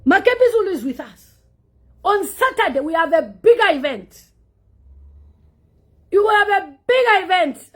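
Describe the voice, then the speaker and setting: A woman's voice: very high-pitched, sing-song, normal speed, long pauses, a bit bright. A woman delivering heated political commentary, firing off scornful rhetorical questions. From Zambia.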